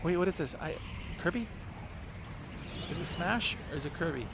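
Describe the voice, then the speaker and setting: A man streaming a live reaction, talking in an excitable, exclaiming and rambling way. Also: a little high, moderate pace, background noise. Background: loud presentation audio and music.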